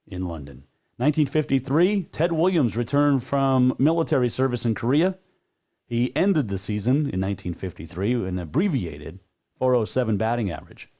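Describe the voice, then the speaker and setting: A man's voice: mid-range voice, dark tone. A man hosting a sports talk radio show, chatting casually and rambling a bit with plenty of filler words.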